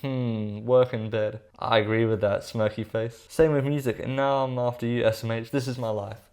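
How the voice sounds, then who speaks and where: A man's voice: medium pitch, fairly even intonation, moderate pace, a little mellow. A man giving casual reaction commentary, sarcastic and profane, calling his viewers bro.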